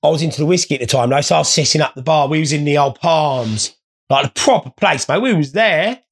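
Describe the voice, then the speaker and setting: A man's voice: on the high side, quick pace. A man telling rambling, sweary comic anecdotes in a blokey way. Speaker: storyteller. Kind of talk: comic storytelling.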